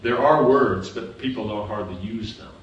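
Heard at a distance in a reverberant room with background noise, a man teaches scripture at normal speed in a lowish voice. The audio is dull, and his manner is patient, with frequent checks that students are following.

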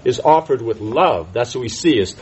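A man's voice: mid-range voice, expressive, moderate pace, a little mellow, breathy edge, low-quality recording. Guy teaching a scripture class, stops and restarts a lot, keeps asking right?.

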